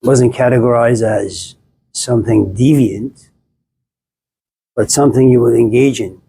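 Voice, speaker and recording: Slow-talking playful male lecturer. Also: medium pitch, steady tone, mellow, breathy edge. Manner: playful, teasing, builds jokes through long repetition; calls on students by name. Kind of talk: live classroom lecture. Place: classroom in front of students.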